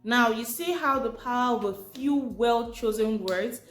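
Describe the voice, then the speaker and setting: A woman's voice: fairly high pitch, unhurried. A woman giving an informal teaching talk, chatty and asking her listeners rhetorical questions. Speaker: presenter. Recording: echoey room with faint music.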